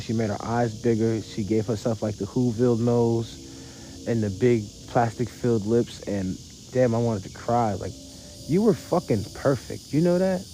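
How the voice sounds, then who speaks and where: A man with a deep, mellow, very dark voice holds forth on a casual live stream, blunt and profane. He mocks as he goes and repeats his phrases for effect. Faint crickets chirp behind him outdoors at night. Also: a little hiss or hum, low-quality recording.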